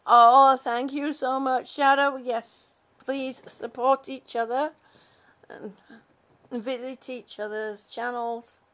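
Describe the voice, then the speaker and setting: An exhausted woman drifts through a casual live-stream chat, unhurried and drawn out. Her voice sits a little high, and her talk is rambling, drowsy and broken by giggles. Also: level tone, fairly bright tone. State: exhausted, sleepy. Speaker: live-stream host reading viewer comments.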